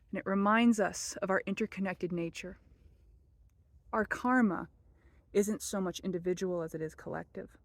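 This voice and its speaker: A woman giving a gentle, measured spiritual teaching, softening almost to a hush as she repeats a prayer. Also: mid-range voice, no echo.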